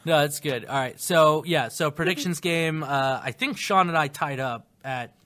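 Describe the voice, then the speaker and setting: A man leads a loose group chat with a bright, slightly high voice. He tells stories with plenty of energy and laughs often along the way. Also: normal speed. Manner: laughs often, animated storytelling. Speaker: podcast host.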